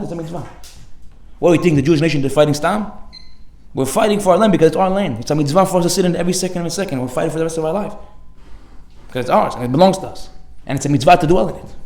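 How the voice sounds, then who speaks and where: A man, a rabbi, giving an energetic, animated Torah class with acted-out anecdotes, sprinkling in Hebrew words and slang. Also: a little high, roomy sound. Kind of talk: lively sermon with acted anecdotes. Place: synagogue hall.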